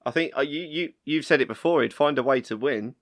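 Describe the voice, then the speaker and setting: A man's voice: mid-range voice, fairly quick, a bit bright. Wry man in casual chat. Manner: dry, wry, laughs often.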